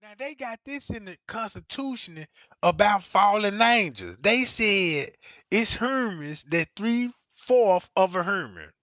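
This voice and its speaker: A man's voice: high voice, expressive, slow pace, pushed and bright, no echo. A man streaming to viewers, ranting in a casual, slangy, emphatic way and repeating himself.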